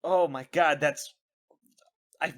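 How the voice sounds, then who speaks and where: A podcast co-host in casual chat, reacting with animated jokes. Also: medium pitch, slow pace. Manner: animated, joking.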